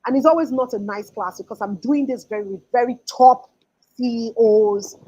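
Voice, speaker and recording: A woman's voice: on the high side, moderate pace, mellow, husky, dull audio. A woman in her forties giving an earnest, emphatic motivational talk as a life coach, often restarting her sentences.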